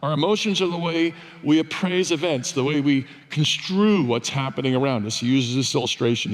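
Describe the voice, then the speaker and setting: A man's voice: fairly high pitch, moderate pace, few pauses. An older man preaching a sermon, telling stories in a conversational, wry, self-deprecating way. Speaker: pastor. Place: church sanctuary. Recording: long church reverb.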